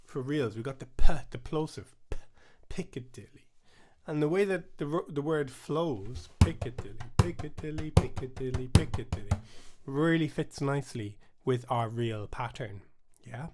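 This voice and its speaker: A man hosting a live-streamed bodhrán lesson, chatty and upbeat, chanting rhythm syllables aloud, with his voice starting to rasp. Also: medium pitch, animated, moderate pace, noisy background. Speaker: bodhrán teacher and channel host.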